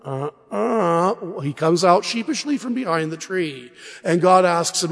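Gravelly-voiced preacher telling lively stories. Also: male voice, high voice, unhurried, in a large hall. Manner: animated storytelling with humor. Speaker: priest preaching a parish mission. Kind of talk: sermon.

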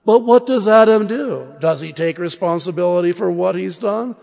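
A man preaching a sermon at a parish mission, telling Bible stories in a lively, humorous way. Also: high voice, moderate pace, vocal fry, in a large hall. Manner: animated storytelling with humor.

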